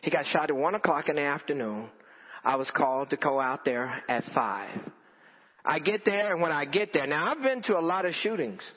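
A man preaching a storytelling sermon to a congregation, animated and repeating phrases for emphasis. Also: fairly high pitch, moderate pace, husky. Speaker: pastor. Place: church in front of a congregation. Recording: dull lo-fi audio with long hall reverb.

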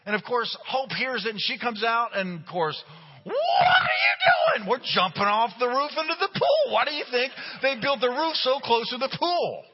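A middle-aged man, a pastor, delivering a sermon with humorous, animated storytelling. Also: extremely high pitch, moderate pace, hardly any pauses. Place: church sanctuary. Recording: dull recording with long hall reverb.

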